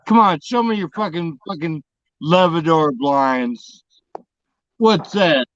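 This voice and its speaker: A man's voice: on the high side, slow, no echo. A man joining a casual chat as a caller, trash-talking aggressively and cursing constantly. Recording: dull lo-fi dry sound.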